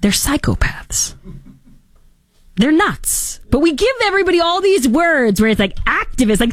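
A woman in her thirties hosts a show with casual, sarcastic commentary, jumping into high mocking voices. There's no room sound in the recording.

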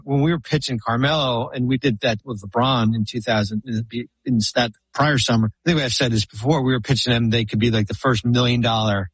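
Guy on a podcast telling long stories, husky voice, dry close mic, keeps restarting himself. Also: medium pitch, fairly bright tone, no room sound. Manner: rambling anecdotes full of restarts and fillers. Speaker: podcast guest, former basketball executive. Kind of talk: casual storytelling chat.

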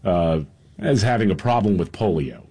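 Husky man reading news headlines. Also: low voice, expressive, moderate pace, dark tone. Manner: conversational, with fillers. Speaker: radio talk show host.

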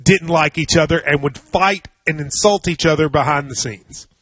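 A man with a high, bright, forceful voice hosts a sports radio show with an animated, teasing manner. His tone is a little husky and sits close and dry on the mic. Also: moderate pace, no echo. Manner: teasing, conversational, animated storytelling. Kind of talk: sports talk radio chat.

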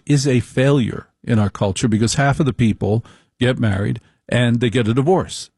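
A middle-aged man delivering a slow, deliberate, wry opinion monologue with repeated phrases. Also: medium pitch, mellow, no echo, studio quality.

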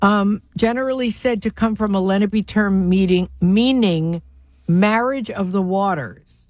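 A woman's voice: mid-range voice, unhurried, a little mellow, no echo. A woman from New Jersey co-hosts a casual talk radio show, chatty and amused as she reads out listener messages. Her mid-range voice sits close to a dry studio mic. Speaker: radio co-host.

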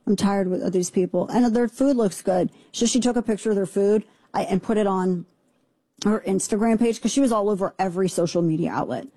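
A woman hosting a talk radio show, delivering indignant, sarcastic commentary in rapid rants. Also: mid-range voice, mellow, dry recording.

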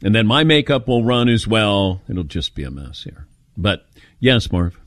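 A man's voice: on the low side, a little slow, no room sound, studio quality. A middle-aged man hosting a call-in radio show in casual, joking chat. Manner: lively, joking, animated.

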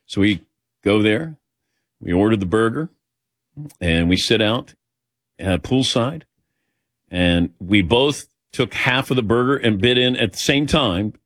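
A man's voice: on the low side, lively intonation, a little slow, pauses often, fairly bright tone, no room sound, clean studio sound. A man hosting a sports talk show, telling anecdotes in a casual way and acting out the dialogue. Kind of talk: casual radio show storytelling. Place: radio studio. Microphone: studio microphone.

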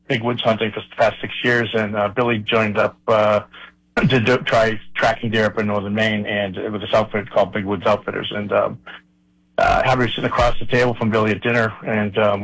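A man with a Boston accent, a radio guest telling a hunting story with many pauses and fillers. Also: fairly low pitch, fairly bright tone, poor audio. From Boston area. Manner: hesitant, many ums and uhs. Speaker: guest hunter. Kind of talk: casual interview.

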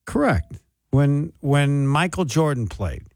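A man co-hosting a sports radio show, answering with short, dry, deadpan replies. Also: a little high, takes it slowly, dry recording. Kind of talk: casual sports radio banter.

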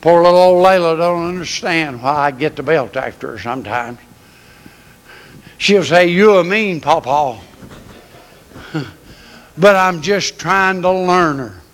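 A man's voice: a little high, a little slow, long pauses, fairly bright tone. An older man preaching a folksy, homespun sermon in a church, chuckling between phrases. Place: church sanctuary. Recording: long church hall reverb.

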